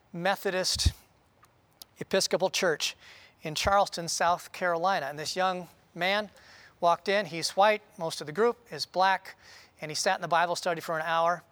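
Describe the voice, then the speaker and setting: A man preaching a sermon in an earnest, conversational way, often pausing with "uh". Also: sits high, a bit bright, no room sound. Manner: earnest, conversational, with frequent "uh" pauses. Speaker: pastor.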